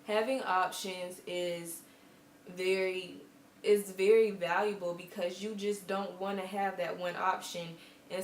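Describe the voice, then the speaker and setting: Chatty young woman in an echoey room. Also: medium pitch. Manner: chatty and earnest, with quoted asides. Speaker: vlogger. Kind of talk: casual storytelling to camera. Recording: echoey room with faint background hum.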